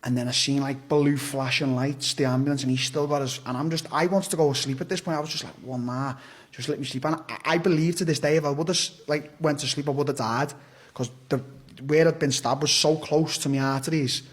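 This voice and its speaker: A man's voice: a little high, fairly even intonation, fairly quick. A young man telling a story on a podcast, rambling and blunt, swearing freely and often restarting his sentences. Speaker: podcast guest. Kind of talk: casual storytelling.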